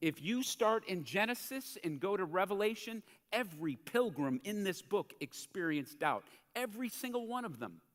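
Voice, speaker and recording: Male pastor, high lively voice, conversational sermon, long church reverb. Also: moderate pace, few pauses. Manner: animated, conversational preaching, acts out quotes. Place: church sanctuary.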